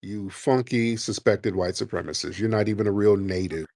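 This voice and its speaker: A man's voice: on the low side, moderate pace, a little mellow, no room sound, studio quality. A man hosting a radio-style show with callers, mocking and combative, talking over the caller. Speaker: host taking callers. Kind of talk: heated call-in debate.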